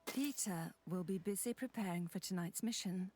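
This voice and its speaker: An actress voicing a young woman heroine who calmly narrates her wartime escape in a story game. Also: fairly low pitch, moderate pace, slight background noise, lightly acted. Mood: thoughtful. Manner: calm, reflective storytelling. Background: game music.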